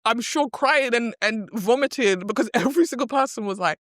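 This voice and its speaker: A woman's voice: a little high, fairly quick, dry recording, studio quality. A woman co-hosting a podcast, telling a story animatedly in casual chat with quoted voices. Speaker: podcast co-host.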